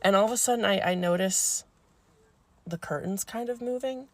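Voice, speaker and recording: A woman who works as a home health aide telling a comic story, animated, blunt and salty. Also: mid-range voice, normal speed, dry recording.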